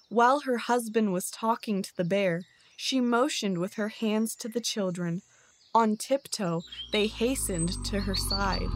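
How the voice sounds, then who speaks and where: A woman narrating a bedtime story in a slow, soothing way. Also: medium pitch, slight background noise.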